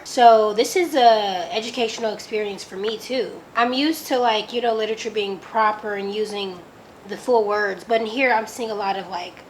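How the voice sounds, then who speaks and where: A woman's voice: a little high, slight background noise. Chatty woman reviewing a book aloud. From Oakland, California. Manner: chatty, lots of "like", reacts with disbelief. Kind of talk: casual reading with commentary.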